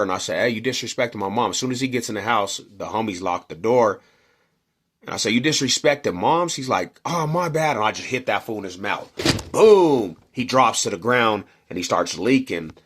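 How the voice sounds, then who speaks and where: A man's voice: on the low side, fairly quick, a bit bright. A middle-aged man from Denver telling a neighborhood story in slangy casual talk, acting out quotes and punches. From Denver, Colorado.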